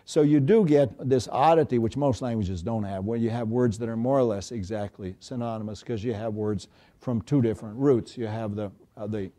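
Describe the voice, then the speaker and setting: An older man giving a university lecture, often pausing on uh and stressing his example sentences. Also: mid-range voice, warm tone. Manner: many uh fillers, emphatic example phrases. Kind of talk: classroom lecture. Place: lecture hall.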